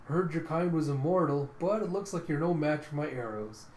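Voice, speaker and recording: A man's voice: on the high side, normal speed, a little mellow, roomy sound, a little hiss or hum, lightly acted. A man reading a cocky young hunter. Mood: taunting, calm. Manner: cocky, taunting.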